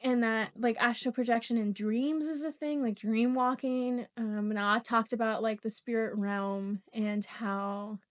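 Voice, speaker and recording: A young woman hosting a podcast, telling a personal story in casual chat, animated and swearing freely, often laughing mid-sentence. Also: on the high side, unhurried, hardly any pauses. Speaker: podcast host.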